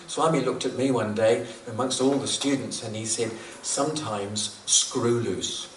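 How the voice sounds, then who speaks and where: At a moderate pace and medium pitch, a man from New Zealand reflects on spiritual teachings, earnest and repetitive, chuckling whenever he makes a joke. The room is echoey, the mic is far from him, and there's slight background noise.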